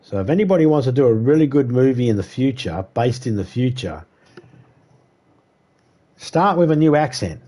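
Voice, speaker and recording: A man's voice: medium pitch, very animated, moderate pace, long pauses, warm tone. A man live-streaming a survival game, rambling and cursing casually as he talks to viewers. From United States. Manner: rambling, profane, chatty monologue.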